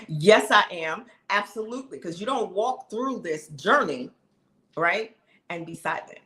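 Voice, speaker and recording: A woman hosting her own live stream, chatting excitedly and preaching straight to her viewers. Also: mid-range voice, normal speed, roomy sound. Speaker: live show host.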